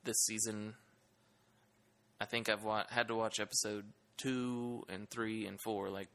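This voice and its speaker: A man's voice: on the low side, flat delivery, a little slow, a bit bright. A man co-hosting a casual TV podcast who jokes and teases his co-hosts. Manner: joking, teasing. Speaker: podcast co-host. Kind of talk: casual TV discussion.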